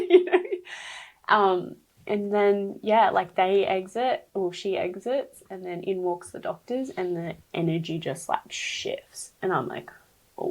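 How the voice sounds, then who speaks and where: A woman's voice: medium pitch, creaky, husky, poor audio. A young woman guest on a podcast telling her birth story, candid and emotional, full of fillers and quoted speech. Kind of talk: personal storytelling in an interview.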